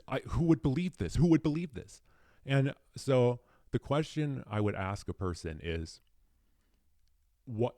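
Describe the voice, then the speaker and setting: A man's voice: fairly low pitch, darkish tone, no room sound, studio quality. A young man, a speed chess player, talking in a casual unscripted monologue, telling stories in a rambling, hesitant way that circles back on itself.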